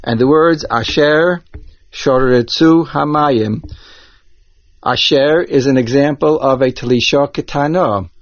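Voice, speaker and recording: A man teaching Torah cantillation, explaining each accent mark slowly and methodically, step by step. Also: medium pitch, creaky, no room sound. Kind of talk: instructional explanation with chanted examples. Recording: dull lo-fi dry recording.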